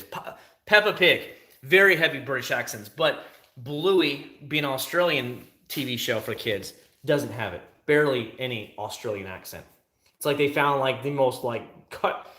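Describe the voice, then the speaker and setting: Chatty, bright-voiced male streamer. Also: medium pitch, echoey room. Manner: animated, talkative, answers chat questions. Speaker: livestream host. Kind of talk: casual livestream chat.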